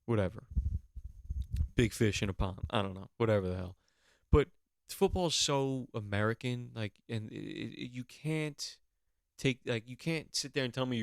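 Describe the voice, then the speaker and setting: A young man rambles through a profane comic monologue as a podcast host, stacking fillers and restarts. His voice sits at an ordinary middle pitch, recorded close and dry with no room sound. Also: very animated, normal speed, fairly bright tone, no echo. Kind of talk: casual comedic monologue.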